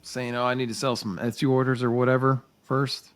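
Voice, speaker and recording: A man's voice: mid-range voice, flat delivery, brisk, clean tone, dry recording. A man chiming in on a live stream with short, supportive remarks. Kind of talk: casual live stream chat.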